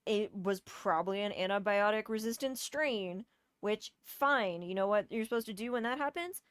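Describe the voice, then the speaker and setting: A woman's voice: medium pitch, clean tone, no echo, clean studio sound. A woman telling a personal story in a casual, exasperated rant, swearing often and hitting key words hard. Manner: exasperated, profane, emphatic.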